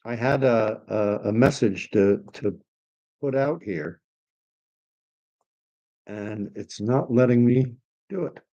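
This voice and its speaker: A man's voice: mid-range voice, slow pace, pauses often, mellow, lo-fi sound. A man with a mid-range voice hosts a casual livestream and reads viewer comments aloud. He rambles with eager enthusiasm and often restarts his sentences. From Canada. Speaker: online commentary host.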